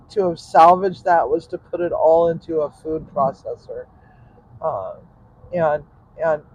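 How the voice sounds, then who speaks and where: A man's voice: on the high side, darkish tone, lo-fi sound. Chatty man rambling while driving. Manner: chatty, laughs often, muttering asides. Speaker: cook and vlogger. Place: car in traffic.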